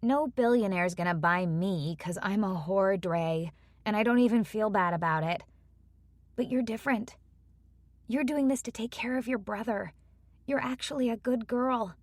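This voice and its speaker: A woman's voice: mid-range voice, normal speed, dry recording, natural voice. A woman voicing a bold, brash young escort who talks in a sassy, cheeky way. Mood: teasing.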